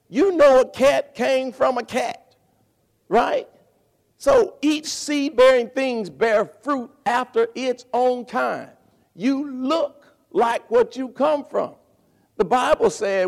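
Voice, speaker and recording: A male pastor preaching a sermon, animated, repeating words and calling for responses from the congregation. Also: very high voice, measured pace, gravelly.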